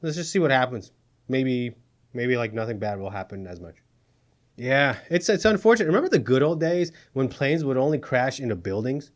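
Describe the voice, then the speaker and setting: A man's voice: medium pitch, sing-song, moderate pace. A man hosting a satirical news show, sarcastic and exasperated, often laughing at his own jokes. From Middle East. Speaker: comedy news host.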